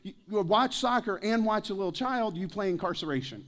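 Joking pastor, slightly high voice. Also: male voice, lively intonation, a little fast, fairly bright tone. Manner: joking, anecdotal storytelling; addresses the congregation with questions. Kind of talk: sermon. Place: church service.

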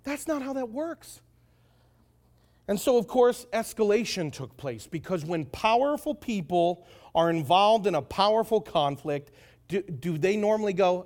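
A preacher with a high, bright voice telling a story in a loose, jokey way. He drops asides to the listeners and keeps the talk conversational. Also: animated, a little slow. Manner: frequent asides to the audience. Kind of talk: sermon.

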